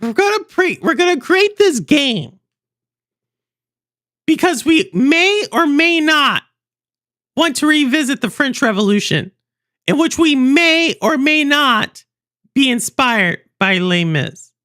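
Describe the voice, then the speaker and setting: Young woman streaming, rambly and chatty, bright voice that bounces all over. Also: sits high, slow, long pauses. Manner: rambling, animated, laughs often, chats with viewers. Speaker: livestream host. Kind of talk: casual stream chat.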